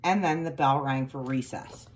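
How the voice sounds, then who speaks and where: A woman reads a children's picture book aloud at normal speed in a bass voice. She plays up the story's sound words with expressive, playful emphasis.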